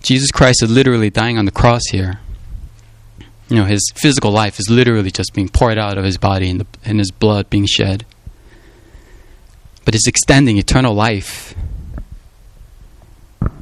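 A man's voice: fairly low pitch, no echo. A man preaching a sermon in an earnest, emphatic way, often repeating himself and leaning on "you know" as he explains. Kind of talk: sermon on a Gospel passage.

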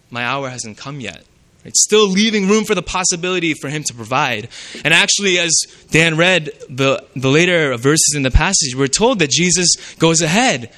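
A man's voice: medium pitch, pushed and bright. A man preaching a sermon in a conversational way, often checking in with "right?".

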